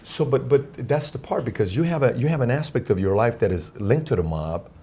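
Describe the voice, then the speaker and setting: A man's voice: mid-range voice, lively intonation, a little fast, mellow, husky. A man hosting an interview, probing with questions and steering the talk. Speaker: host.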